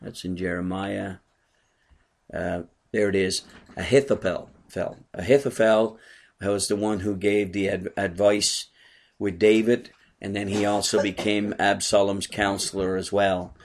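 A man's voice: fairly low pitch, level tone, measured pace. Man preaching a conversational bible study. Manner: conversational preaching, asks the congregation questions. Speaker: pastor.

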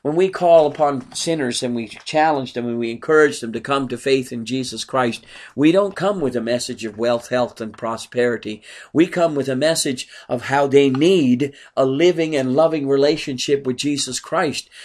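An earnest man preaches a sermon. His voice sits at an ordinary middle pitch. He keeps asking his listeners rhetorical questions. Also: normal speed.

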